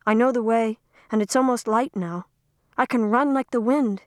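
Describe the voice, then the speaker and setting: Reading a storybook, a woman voices an earnest young girl asking urgent questions in an eager mood, pitched above her own natural voice. Her fairly high voice moves at a moderate pace in a dry, studio-quality recording.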